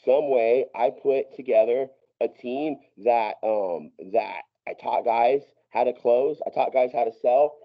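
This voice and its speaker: A man's voice: mid-range voice, measured pace, hardly any pauses, muffled recording. A man telling a long story as a podcast guest, profane and rambling, with many restarts and laughs. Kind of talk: casual storytelling.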